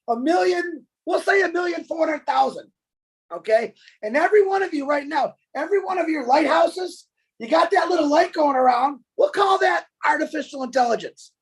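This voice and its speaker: A man's voice: extremely high pitch, poor audio. A man giving a fervent motivational webinar speech, repeating himself and often raising his voice. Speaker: webinar presenter.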